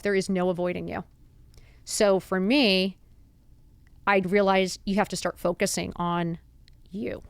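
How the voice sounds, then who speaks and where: A woman's voice: medium pitch, clear, resonant tone, no echo. A woman hosting a podcast, talking earnestly and openly about getting back up after setbacks, peppering her speech with "like" and "right?" and rhetorical questions. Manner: earnest, confiding, heavy use of "like" and "right?". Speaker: podcast host. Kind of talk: motivational personal talk.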